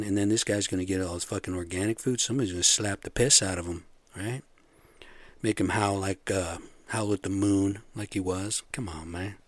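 Angry profane man, fairly low voice, dry close sound, sarcastic rant. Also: dry recording. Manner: angry, sarcastic, profane, drifting between loud outbursts and muttering. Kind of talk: profane ranting monologue.

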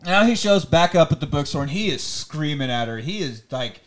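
Laughing, profane movie-commentary host. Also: male voice, fairly high pitch, animated, fairly quick. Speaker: podcast host.

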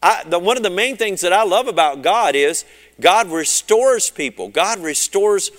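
A man's voice: high-pitched, lively intonation, moderate pace, big-room sound. Fervent Southern preacher man. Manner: fervent preaching, surging and dropping in loudness. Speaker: pastor. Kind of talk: sermon.

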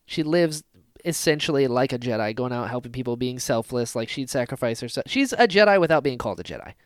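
A man co-hosting a casual fan podcast, talking excitedly and acting out scenes with sudden loud bursts. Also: medium pitch, quick pace, no echo. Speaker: podcast co-host.

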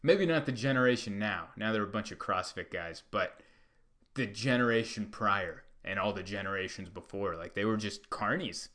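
Comedian, male, lowish voice, rambling storyteller with filler words and sudden loud bursts. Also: moderate pace. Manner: loud bursts when acting out others. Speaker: stand-up comedian. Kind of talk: storytelling monologue.

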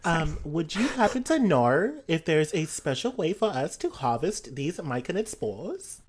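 A woman puts on a courtly, formal adventurer who speaks in polite, old-fashioned turns of phrase. Her voice sits low and swings widely in pitch. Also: big pitch swings, a little slow, a little mellow, breathy edge, heavily acted.

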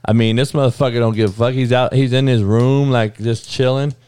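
A man's voice: mid-range voice, fairly quick, clear, resonant tone, no echo. A man hosting a podcast, delivering a blunt, profane sports rant in casual talk. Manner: profane, blunt, animated rant with frequent cursing. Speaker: podcast host.

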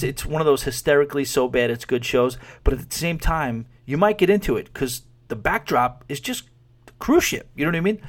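A podcast host, a man with a mid-range voice, chats loosely and keeps chuckling through his own stories. He restarts sentences and trails off, in an easy conversational way. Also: mid-range voice. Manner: rambling, amused, laughs while talking, trails off. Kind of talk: casual podcast chat.

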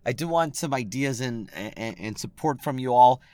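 A man's voice: medium pitch, lively intonation, moderate pace, mellow, dry recording. A man casually telling a rambling, self-deprecating story to his viewers, full of restarts and fillers. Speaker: comedy night producer and content creator.

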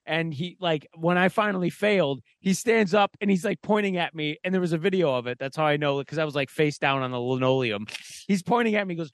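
High-voiced man telling a rambling story. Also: fairly quick, no room sound. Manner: profane, rambling, lots of "like" fillers. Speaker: podcast co-host. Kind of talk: casual storytelling chat.

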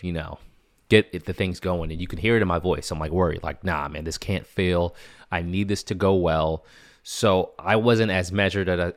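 A man with a very deep, low voice talks through a casual solo podcast update. He rambles and restarts often, speaking candidly into a dry, close mic with no room sound. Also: dry recording. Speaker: podcast host.

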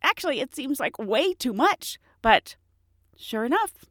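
Woman host, storytelling monologue, chatty and self-mocking, swooping expressive pitch, dry close sound. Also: unhurried, no room sound. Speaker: podcast host.

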